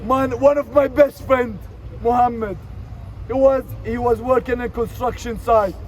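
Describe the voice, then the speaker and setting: A man giving an emotional protest speech outdoors in a city street, his voice rising to shouts. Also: very high-pitched, fairly even intonation, a little slow, low-quality recording. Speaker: protest speaker. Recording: outdoor crowd noise. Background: crowd of protesters.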